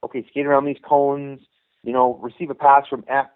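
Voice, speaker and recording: A man's voice: mid-range voice, flat delivery, a little fast. Middle-aged man telling stories over a phone line. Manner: rambling anecdotes, acting out quoted dialogue. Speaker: youth hockey coach, guest. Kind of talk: casual storytelling interview.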